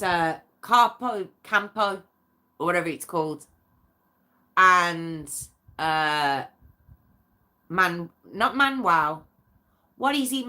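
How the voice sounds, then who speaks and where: Young woman livestream host, crisp bright tone, chatty and playful with her commenters. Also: mid-range voice. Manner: chatty, laughing, reads out viewer comments. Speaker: true crime livestream host. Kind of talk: casual live chat with viewers.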